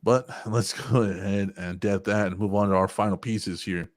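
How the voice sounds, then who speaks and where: A man's voice: on the low side, fairly even intonation, moderate pace. A man in his forties hosting a casual podcast chat, rambling and swearing often, with frequent laughs. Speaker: podcast host.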